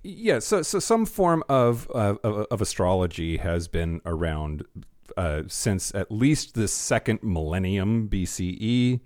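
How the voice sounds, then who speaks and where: A man's voice: on the low side, sing-song, a little slow, darkish tone, no echo, clean studio sound. A man co-hosting a podcast in casual chat, rambling and restarting his sentences, with wry jokes. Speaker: podcast co-host.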